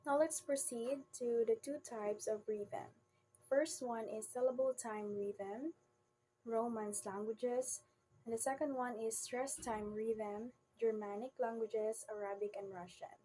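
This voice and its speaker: A woman's voice: a little high, steady tone, slow pace, mellow, slight background noise, low-quality recording. A woman presenting a classroom lesson, reading definitions aloud and demonstrating word stress in example sentences. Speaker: student presenter.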